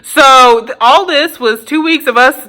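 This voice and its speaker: A woman's voice: sits high, unhurried, pushed and bright. A woman in her twenties casually telling a storytime tale to her viewers, blunt and profane, laughing often. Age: 20s. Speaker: vlogger.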